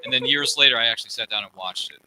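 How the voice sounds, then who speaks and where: A man's voice: mid-range voice, racing, noisy background. A man hosting a casual panel chat, jokey and rambling, going off on tangents. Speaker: podcast host.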